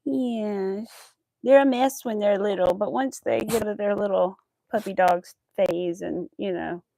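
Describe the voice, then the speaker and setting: A woman's voice: medium pitch, fairly even intonation, a little slow, gravelly, dark tone, dry recording. A woman crochet vlogger chatting casually to her viewers and her dog, cooing baby talk at the pet.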